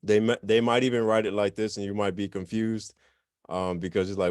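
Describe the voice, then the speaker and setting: A man teaching a beginner language class in a relaxed, chatty way, often correcting himself as he explains. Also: on the low side, a little fast, clean tone, no room sound, clean studio sound. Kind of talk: informal online class.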